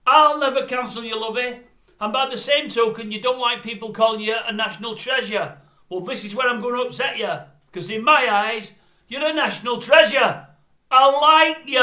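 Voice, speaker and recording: An older man rants bluntly into the camera in a high, bright voice, grumbling and rambling from one pet hate to the next. The room around him is roomy and echoey. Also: moderate pace. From Britain. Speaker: vlogger. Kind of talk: opinionated monologue to camera. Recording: roomy echo.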